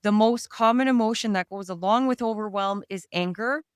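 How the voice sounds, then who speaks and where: A woman's voice: mid-range voice, fairly quick, clean tone, no room sound, studio quality. A woman from Canada, a stress and anxiety coach, talking earnestly in an interview and explaining with everyday examples. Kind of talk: conversational interview.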